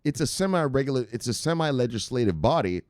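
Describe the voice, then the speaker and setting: A man's voice: medium pitch, big pitch swings, quick pace, a little mellow, no echo, studio quality. A man hosting casual crypto news commentary, reading headlines aloud and rambling off into laughing, profane asides.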